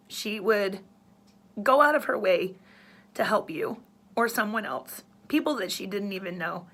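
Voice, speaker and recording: A woman's voice: medium pitch, lively intonation, unhurried, a bit bright. A woman in her thirties, a radio host, telling a personal story in an earnest, emotional way.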